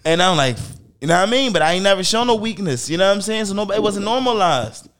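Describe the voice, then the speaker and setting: A middle-aged man hosting a podcast, talking candidly and emphatically with lots of swearing, dropping low and quiet, then rising loud. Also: lively intonation, fast. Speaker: podcast host.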